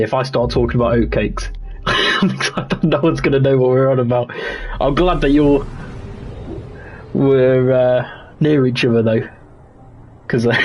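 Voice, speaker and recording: A young male streamer rambles casually while playing a game on a livestream, laughing often and restarting his sentences. His voice is medium-pitched and a little mellow.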